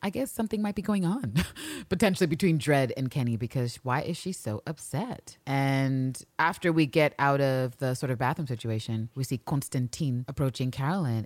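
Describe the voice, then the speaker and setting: A woman's voice: extremely low pitch, darkish tone, dry recording. A woman co-hosting a podcast, recapping a TV episode in casual chat and acting out the characters' lines with sass. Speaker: podcast co-host.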